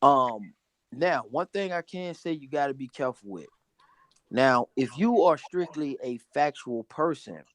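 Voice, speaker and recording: A man talking as a guest in a casual chat, making his points in a deliberate, reasoned way. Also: medium pitch, no echo.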